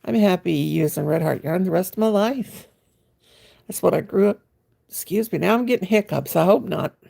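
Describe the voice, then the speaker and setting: A chatty woman, talking to viewers on a phone livestream while she crochets. Her voice is deeply gravelly and husky, and her manner is homey and folksy. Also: moderate pace, mellow. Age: 60s. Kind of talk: casual live-stream chat.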